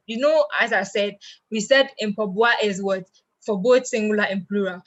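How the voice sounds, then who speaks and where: Patient woman teaching a language lesson. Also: medium pitch. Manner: patient, explains step by step, asks and answers own questions.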